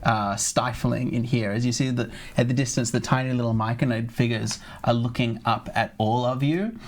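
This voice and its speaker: A man narrating as game master for a tabletop role-playing game, in a relaxed, chatty way with small hesitations. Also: mid-range voice, normal speed.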